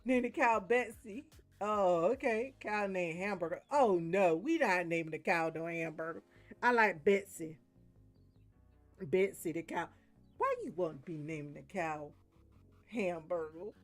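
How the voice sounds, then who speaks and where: Woman, gaming stream chat, low-pitched, talkative, joking, animated, faint music behind. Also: measured pace. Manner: talkative, joking, breaks into big laughs; animated storytelling. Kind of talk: casual chat while gaming.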